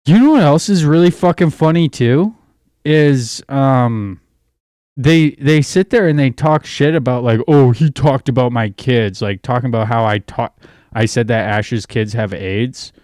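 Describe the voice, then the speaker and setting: A man's voice: mid-range voice, measured pace, darkish tone, dry recording, studio quality. A young man hosting a livestream, ranting in a profane, rambling way while distracted by his phone and screen. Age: young adult. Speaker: livestream host. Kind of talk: casual livestream rant.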